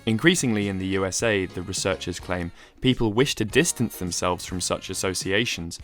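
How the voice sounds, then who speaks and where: Low-voiced man narrating over faint music. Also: a bit bright. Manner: explanatory, measured. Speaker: video essay narrator. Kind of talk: scripted narration.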